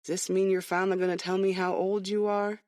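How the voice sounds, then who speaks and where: A woman's voice: mid-range voice, little pitch movement, fairly quick, darkish tone, no echo, studio quality, close to an everyday voice. A woman reading a teasing young man. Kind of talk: audiobook character voice.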